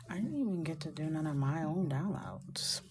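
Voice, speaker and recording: Low-voiced, unhurried woman chatting over music. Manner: playful, chatty, talks to herself, often drops to a whisper. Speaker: coloring creator. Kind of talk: casual chat while coloring. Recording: clear music underneath.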